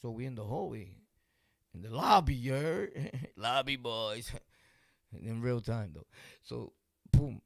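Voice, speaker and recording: A man's voice: mid-range voice, expressive, takes it slowly, creaky, pauses often, no room sound, clean studio sound. A man with a Brooklyn accent casually telling a street story, full of slang and laughing asides. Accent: New York, Brooklyn. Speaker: vlog host.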